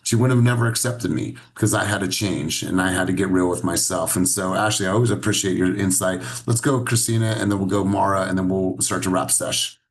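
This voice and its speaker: A man's voice: low-pitched, steady tone, a little fast, vocal fry, few pauses. A man leading a coaching session on a video call, earnest and encouraging, asking the group many questions. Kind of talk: coaching talk.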